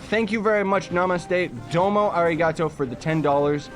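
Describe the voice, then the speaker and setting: A man's voice: a little high, moderate pace, few pauses, faint music behind. A young man from Canada chatting casually while livestreaming a game, reading chat messages aloud and making jokey asides. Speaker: livestreaming gamer.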